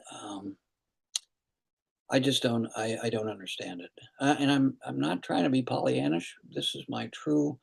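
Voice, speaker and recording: A man's voice: mid-range voice, creaky, a little mellow, husky. An older man hosting a virtual town hall as a congressman, answering questions earnestly with frequent restarts and fillers, heard over a video call.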